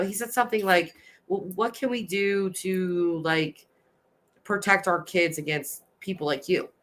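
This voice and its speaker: A woman's voice: mid-range voice, fairly bright tone. A woman in her thirties hosting a casual livestream, reading chat aloud and ranting with passion, swearing now and then. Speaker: livestream host.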